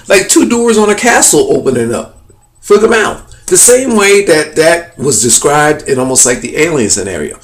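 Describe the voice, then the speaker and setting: A man excitedly pointing out hidden faces in pictures to his viewers, rambling with many fillers and repeats. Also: a little high. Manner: addresses viewers as "people". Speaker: video host. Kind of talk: excited conspiracy commentary over images.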